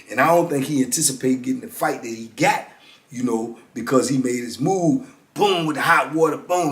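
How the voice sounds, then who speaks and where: Animated storytelling man in an echoey room. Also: medium pitch. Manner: animated, vivid street storytelling with frequent "you know what I'm saying". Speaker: former prisoner telling prison stories. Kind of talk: casual storytelling monologue. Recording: roomy echo.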